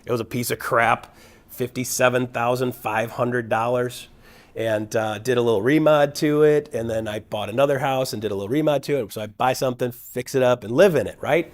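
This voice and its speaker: Middle-aged male speaker, mid-range voice, casual and energetic storyteller who acts out the people he quotes. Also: medium pitch, fairly quick. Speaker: guest speaker at a real estate event. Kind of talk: personal storytelling talk.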